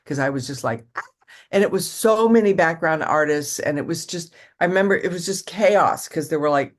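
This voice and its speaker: An older woman, an actress, chatting in an interview and telling rambling stories full of restarts and acted-out quotes. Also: sits low. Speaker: actress guest. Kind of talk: casual interview storytelling.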